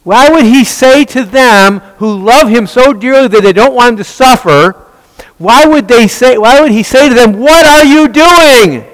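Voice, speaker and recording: A man's voice: very high-pitched, moderate pace, big-room sound, poor audio. A man teaching a Bible study, asking rhetorical questions and answering them himself, often restarting and repeating words.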